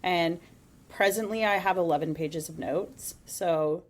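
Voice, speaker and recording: A woman co-hosting a casual podcast, chatty and animated, laughing often. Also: on the low side, measured pace. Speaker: podcast co-host.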